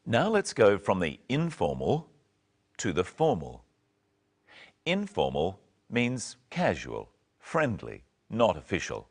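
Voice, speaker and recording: A man presenting an English lesson, speaking slowly and clearly and carefully modelling each phrase for learners. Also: lowish voice, huge pitch swings. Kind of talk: slow, clear teaching narration.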